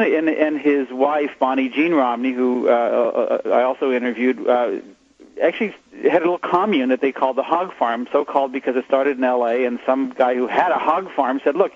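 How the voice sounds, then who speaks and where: A man being interviewed as an author, talking in a halting way with many restarts. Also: medium pitch, dry recording, lo-fi sound. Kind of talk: radio interview.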